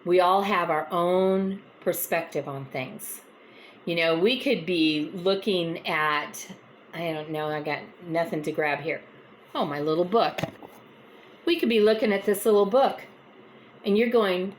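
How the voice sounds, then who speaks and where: A woman's voice: on the low side, moderate pace, slight background noise. Chatty folksy woman telling a story. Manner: chatty, folksy, animated when retelling. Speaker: host of a faith encouragement vlog. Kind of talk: casual storytelling talk.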